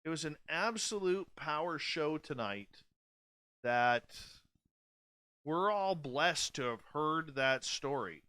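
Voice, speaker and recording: A man's voice: fairly high pitch, expressive, slow, bright, forceful tone, clear, resonant tone, dry recording. A man in his forties hosting a radio show, speaking bluntly and candidly in a casual late-night monologue. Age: 40s. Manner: blunt, candid and profane, with many restarts.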